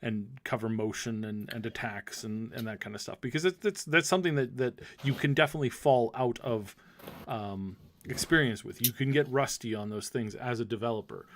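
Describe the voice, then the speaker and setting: Speaking briskly in a mid-range voice, this male podcast co-host chats casually and goes on at length. His talk wanders, full of false starts and filler words.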